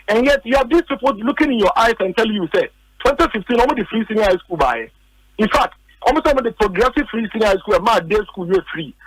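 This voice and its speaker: Ghanaian man pressing a political case in a radio studio, high-pitched, dry close sound, repeats himself for emphasis. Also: a bit bright, no room sound, low-quality recording. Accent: Ghanaian English. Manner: emphatic, repeats points, rhetorical questions. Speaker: political commentator. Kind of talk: heated political argument on radio.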